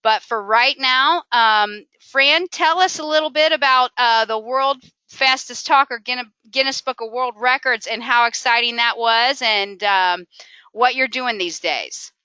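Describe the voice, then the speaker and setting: A woman's voice: fairly high pitch, unhurried, pushed and bright, clear, resonant tone, no echo. A woman hosting a podcast, welcoming listeners and introducing her guest with a few "uh"s. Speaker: podcast host. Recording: dull lo-fi sound, dry.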